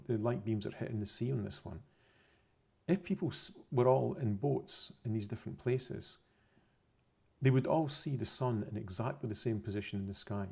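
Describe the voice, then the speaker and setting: A man explains a science topic over pictures, unscripted, in a methodical, repetitive way, often correcting himself mid-phrase. His mid-range voice is mellow with vocal fry and a breathy edge.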